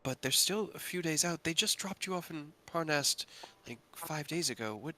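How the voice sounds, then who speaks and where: A woman's voice: low-pitched, lively intonation, normal speed, bright, forceful tone, voice pushed up. A man voicing a young flustered guildmaster woman. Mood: anxious. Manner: hesitant, stammering.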